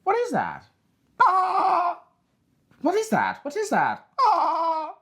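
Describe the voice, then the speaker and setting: A man putting on a shrieking, squeaky cartoon-mouse version of a male pundit, yelping in panic. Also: wildly swooping pitch, slow, pushed and bright, full character voice. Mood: panicked. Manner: panicked repeated yelps.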